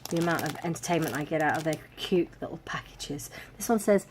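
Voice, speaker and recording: A woman's voice: deep voice, fast, few pauses, slightly rough. Chatty woman unboxing crafts. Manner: chatty, amused, given to little laughs. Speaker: crafting vlogger. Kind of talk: casual unboxing chat.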